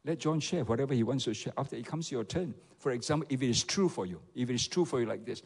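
A man's voice: mid-range voice, animated, quick pace, few pauses, a little mellow, slightly rough, big-room sound. A man with a Malaysian English accent, a pastor preaching a sermon and often calling on the congregation to respond. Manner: rhetorical, repeatedly asks the audience for replies.

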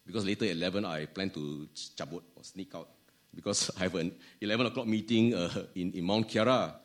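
A man with a Malaysian English accent delivers a sermon in a slightly low voice. He restarts phrases often, repeating words along the way, and lets his key lines sink to a near hush. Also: a little fast. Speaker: preacher.

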